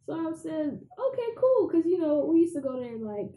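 A woman from England, a podcast guest, telling stories from her childhood in a lively, laughing way. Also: high voice, a little fast, poor audio. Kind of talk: casual storytelling chat.

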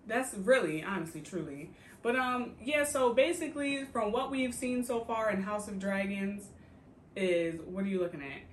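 A woman's voice: medium pitch, moderate pace, echoey room, a little hiss or hum. A woman co-hosting a podcast in casual, slangy chat, telling a story with lots of laughter and acted-out quotes. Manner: animated storyteller, acts out quoted characters; slangy, profane, laughs often. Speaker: podcast co-host. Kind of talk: casual chat recapping a TV show.

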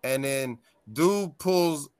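A man guest on a podcast, telling tour stories in a casual, animated and profane way, laughing often. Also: on the high side, very slow, clean tone, no room sound. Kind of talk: casual storytelling chat.

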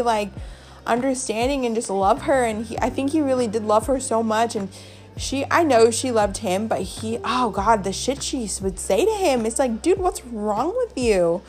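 A woman's voice: a little high, darkish tone. Blunt, gossipy woman podcast host. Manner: gossipy, blunt, swears freely, heavy use of "like". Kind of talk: casual chat.

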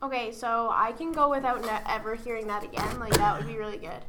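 A woman playing a casual word game, giggly and teasing, drawing her words out. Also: on the high side. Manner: giggly, teasing, slow and drawn out. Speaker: co-host giving words. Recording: loud background noise.

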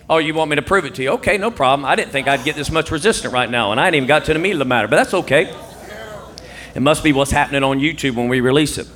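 A man preaching a sermon as pastor, acting out dialogue and swinging from hushed asides to shouted lines. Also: on the high side.

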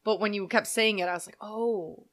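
A woman's voice: medium pitch, steady tone, quick pace, a bit bright. Joking woman. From Western New York. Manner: blunt, joking, swears freely. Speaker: podcast co-host. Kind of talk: casual comedic chat.

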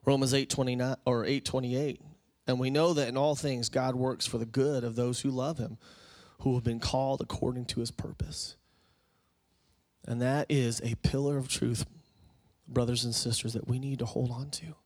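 A man in the pulpit delivers a sermon in an easy, talky way, often swelling into urgent exhortation. His voice sits in a middle register, neither deep nor high. He speaks into a stage microphone. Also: flat delivery, moderate pace, a little mellow. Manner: conversational, rising to fervent exhortation. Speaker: pastor. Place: church sanctuary.

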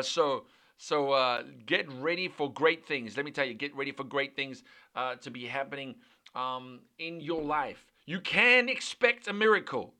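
Man, preacher, high voice, bright and forceful tone, fervent repetitive sermon cadence.

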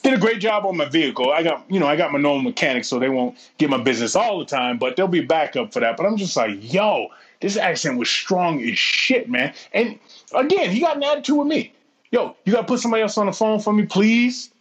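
Male podcast co-host, husky and slightly high, profane storyteller who acts out voices. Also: very animated, fast talker, a bit bright. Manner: profane, laughing, acts out voices in his stories. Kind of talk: casual storytelling chat.

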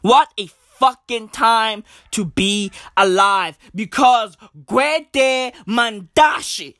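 A woman's voice: on the high side, very slow, a bit bright, dry recording, studio quality. A woman delivering a profane comedic rant, mocking and repetitive, hammering lines home with heavy swearing. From South Africa.

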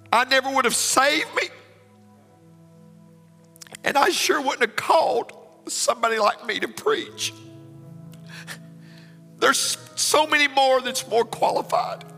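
High-voiced pastor preaching in a reverberant hall. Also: male voice, gravelly, sharp tone. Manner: emotional, rising to fervent exclamations. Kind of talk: sermon. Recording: long hall reverb with faint music.

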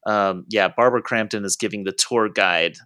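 A man's voice: on the low side, moderate pace, pushed and bright, dry recording, clean studio sound. A man co-hosting a movie podcast in casual chat, talking with lots of fillers and restarts. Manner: hesitant, many fillers and restarts. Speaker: podcast co-host.

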